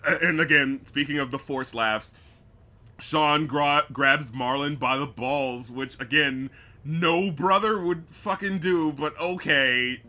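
A man co-hosting a casual movie review podcast, swearing freely and mocking scenes by acting them out. His voice is bright and fairly high for a man. He talks in a loose, sarcastic way. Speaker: podcast co-host.

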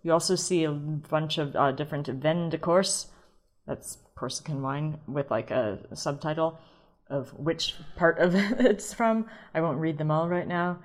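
A woman's voice: low voice, unhurried. A woman from St. Louis hosting a podcast on her own, talking in a casual, playful way with self-mocking asides. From St. Louis, USA. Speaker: wine podcast host. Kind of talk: casual solo podcast monologue.

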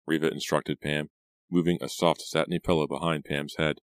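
A man narrating a teen thriller audiobook in a steady, suspenseful storytelling manner. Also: rumbling low, brisk, no room sound. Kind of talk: scripted narration.

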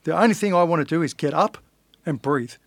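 A man's voice: fairly high pitch, fast, dry recording. A man in his forties, a fighter being interviewed, telling his life story in a blunt, earnest way and swearing casually. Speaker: guest, fighter.

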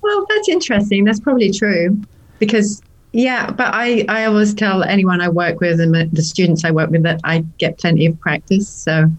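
A woman's voice: mid-range voice, normal speed, poor audio. Friendly English woman in her fifties. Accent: English, from Norfolk. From England. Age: 50s. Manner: friendly, laughs easily. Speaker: podcast guest. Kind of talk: casual interview chat.

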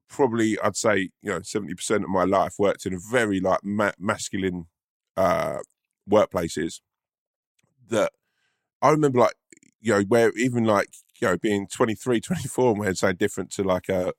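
A man's voice: on the low side, no echo, clean studio sound. A man co-hosting a casual podcast chat, telling stories with plenty of swearing and laughter. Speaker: podcast co-host.

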